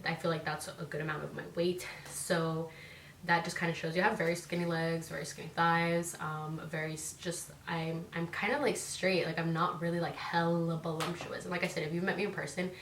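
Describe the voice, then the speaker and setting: A young woman rambles to her camera in a relaxed vlog, peppering every sentence with "like" and tossing in swear words. Her voice sits a touch low and sounds somewhat distant from the mic. The room around her is echoey, with a faint hum of ambience behind. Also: brisk. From Northern California. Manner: chatty, heavy on "like" fillers, swears freely. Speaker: vlogger. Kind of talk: casual chat to camera.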